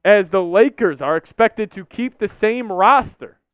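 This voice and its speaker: High-voiced man ranting on a live stream. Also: animated, a little slow, fairly bright tone, clear, resonant tone, no echo. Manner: frustrated, repetitive ranting. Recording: slightly dull lo-fi stream audio.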